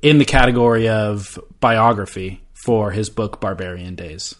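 A man co-hosting a podcast in casual chat, easygoing and quick to agree with his partner. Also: on the low side, fairly even intonation. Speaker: podcast co-host.

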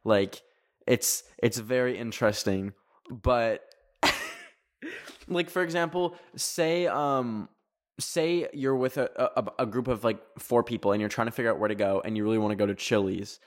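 A young man from Canada hosting a podcast, talking casually in a rambling, animated way, full of fillers. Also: medium pitch. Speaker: podcast host.

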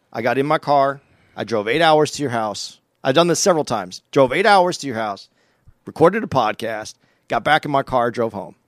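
A man's voice: on the high side, dry recording, studio quality. A man, a comedian who works as an opening act, confronting his podcast partner in a heated conversation and often stammering and restarting his sentences.

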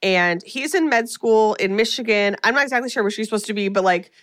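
A woman's voice: mid-range voice, fairly quick, fairly bright tone, no echo, studio quality. A woman co-hosting a podcast, recapping a film in a rambling, casual way with lots of fillers. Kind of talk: casual chat.

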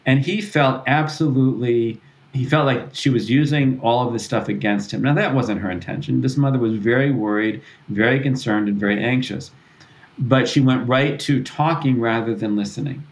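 A man's voice: mid-range voice, normal speed. Thoughtful man explaining parenting. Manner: thoughtful, restarts and self-corrects, acts out parent-child dialogue. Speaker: psychologist and author, podcast guest. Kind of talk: conversational explanation.

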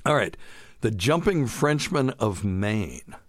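Middle-aged guy doctor on a podcast, lowish voice, dry close sound, joking around while reading notes. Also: very animated, takes it slowly, no echo. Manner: chatty, jokey, reads from notes. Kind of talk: casual medical podcast chat.

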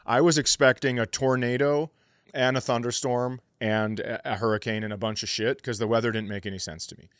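A middle-aged man tells a comic story on a podcast, swearing freely and acting out other people's lines in a raised voice. His pitch is medium for a man. The sound is dry and close. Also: brisk, smooth, no room sound. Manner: animated, profane, acts out quotes in raised voice. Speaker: podcast co-host. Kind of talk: casual comedic storytelling.

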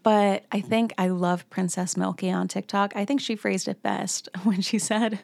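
A young woman hosting a casual commentary vlog, ranting in an animated way with lots of swearing and filler words. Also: medium pitch, normal speed, gravelly, dry recording. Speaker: commentary host.

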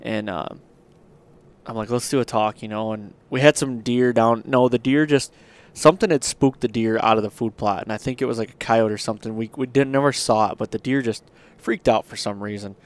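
A man's voice: mid-range voice, steady tone, fairly quick. A man hosting a podcast, telling a long hunting story in a rambling, casual way with lots of fillers. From Michigan. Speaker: podcast host.

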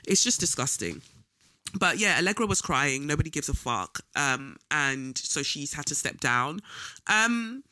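Blunt slangy man with a bright voice. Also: a little high, big pitch swings, a little slow, smooth, no room sound, studio quality. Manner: blunt, scornful, slangy, with frequent ums. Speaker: vlogger. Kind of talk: casual political commentary monologue.

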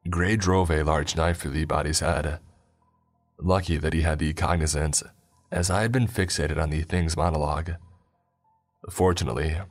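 A man giving a somber, measured scripted horror narration. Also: rumbling low.

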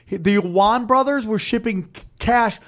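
A man with a fairly high voice launches into a heated, rambling rant. He swears constantly and keeps piling one claim onto the next in loose podcast chat. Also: moderate pace. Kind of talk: casual profane chat.

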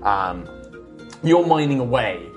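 Lady game master, low voice, lively swings, faint music under it. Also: takes it slowly. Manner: relaxed narration with fillers. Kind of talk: narrating a tabletop game.

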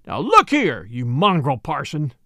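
Loud, belligerent bush barkeep, a rough man spoiling for a fight, as a male reader puts him on. His pitch leaps about as he blusters, in a dry, close sound. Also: big pitch swings, normal speed, dry recording. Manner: blustering, shouting.

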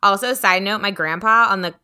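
A woman with a Southern accent hosts a podcast, chatting casually and rambling with plenty of fillers. Her mid-range voice is sharp yet smooth and a little fast.

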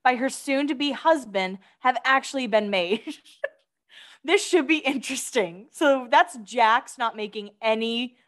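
A woman's voice: high voice, animated, unhurried, fairly bright tone. A woman co-hosting a podcast, reading gossip items aloud and chatting with giggly asides. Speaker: podcast co-host.

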